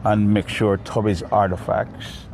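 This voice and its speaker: A man's voice: lowish voice, flat delivery, measured pace, darkish tone, slight background noise. A man with a Jamaican accent, an interview guest telling stories outdoors in a reflective way. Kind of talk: storytelling interview answers.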